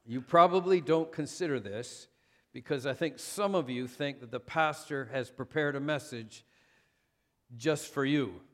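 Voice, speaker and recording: A man's voice: medium pitch, measured pace, fairly bright tone. A man preaching a sermon as pastor, conversational and self-deprecating, with frequent fillers.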